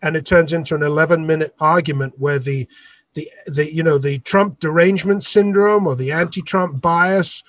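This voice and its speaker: A man's voice: fairly high pitch, steady tone, moderate pace, a bit bright, dry recording. A man, an artist and author, recounting a dispute in an interview with indignant emphasis. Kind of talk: storytelling in an interview.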